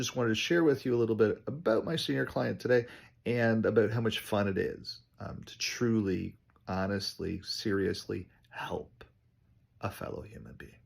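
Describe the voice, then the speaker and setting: Gravelly-voiced man chatting. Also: on the low side. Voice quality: gravelly, husky. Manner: chatty storytelling with many ums. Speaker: realtor. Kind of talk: casual vlog update.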